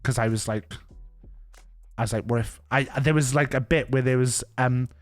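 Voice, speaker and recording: A man's voice: mid-range voice, fairly even intonation, moderate pace, faint music behind. A male streamer telling rambling anecdotes in casual chat, laughing and breaking off his own sentences.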